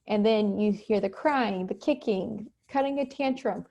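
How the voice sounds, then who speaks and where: A woman teaching an online class from home, talking casually and acting out quick examples. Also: medium pitch, warm tone, muffled recording. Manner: conversational, acts out quick examples. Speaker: instructor. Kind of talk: recorded online lecture. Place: home, cat nearby.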